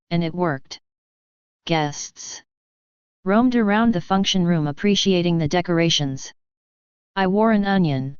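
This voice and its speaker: Slow, clear woman narrating an audiobook. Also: fairly low pitch, dry recording. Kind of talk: first-person audiobook narration. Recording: dull, dry lo-fi audio.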